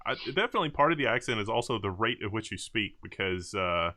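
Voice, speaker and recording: A man's voice: on the low side, sing-song, sharp tone. A man hosting a live Q&A, chatting casually and laughing often. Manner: laughs often, drawn-out speech. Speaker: host.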